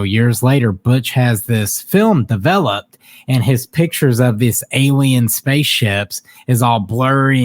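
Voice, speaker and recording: A man co-hosting a book podcast, talking excitedly with plenty of slang. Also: medium pitch, dry recording. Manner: excited, slangy, says dude and bro. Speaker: podcast co-host. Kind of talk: casual book discussion.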